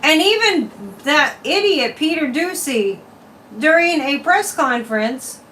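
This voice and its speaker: Woman, psychic livestream host, casual opinionated chat, slightly high voice, distant mic, faint background noise. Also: slow. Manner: chatty, opinionated, lively swings in pitch and loudness. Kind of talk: casual livestream chat reading comments and tarot cards.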